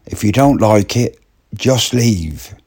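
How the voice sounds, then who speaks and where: A man voicing an angry young woman who is scolding someone to be quiet during a film. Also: on the low side, animated, takes it slowly, slightly rough, voice pushed up, full character voice. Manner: sharp, scolding. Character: cross young woman trying to watch a film.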